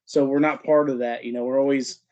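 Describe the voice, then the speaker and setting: A male podcast host chats with his guest, often stopping and repeating words as he works toward his point. His voice sits at a middle pitch, and the audio is a bit dull. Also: fairly even intonation, a little fast, a little mellow. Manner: hesitant, repeats words while building a point. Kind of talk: casual interview chat.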